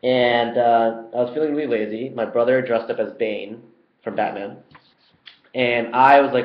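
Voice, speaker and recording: A young man answering community questions in a relaxed, chatty way, with frequent ums and uhs. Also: mid-range voice, moderate pace. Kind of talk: casual Q&A video. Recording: roomy, dull lo-fi sound.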